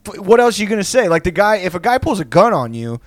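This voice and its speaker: A man's voice: high voice, very animated, quick pace, no room sound. A young man from Texas, rambling through crude comedic banter, laughing often and acting out insults. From South Houston, Texas.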